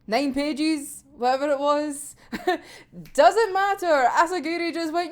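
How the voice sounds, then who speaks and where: A woman's voice: high voice, slow. A young woman ranting casually through a manga chapter recap, swearing freely and laughing often. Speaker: manga reaction vlogger.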